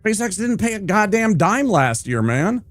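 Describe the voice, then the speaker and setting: A man's voice: high-pitched, sing-song, moderate pace, a bit bright, no room sound. A male streamer ranting hard with heavy swearing while he plays a game. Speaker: gaming streamer.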